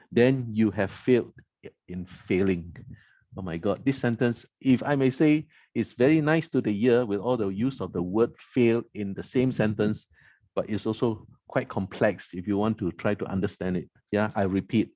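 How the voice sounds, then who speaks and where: A man serving as evaluator at a club meeting reviews the evening's speeches analytically, quoting lines back and naming their rhetorical devices. His voice is fairly low-pitched with a dark tone, and the recording has no echo, with the highs cut off.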